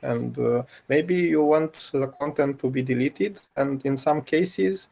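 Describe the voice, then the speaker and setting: Slow, gravelly, hesitant man. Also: mid-range voice, darkish tone. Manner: hesitant, many uh fillers. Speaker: co-host. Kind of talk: casual chat.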